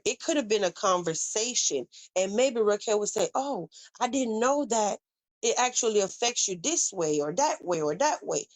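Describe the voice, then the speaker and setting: A woman's voice: medium pitch, animated, normal speed. A woman with a Southern US accent hosting a casual live stream, talking bluntly and with plenty of swearing as she speaks straight to her chat. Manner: blunt, profane, addresses chat directly. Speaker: livestream host.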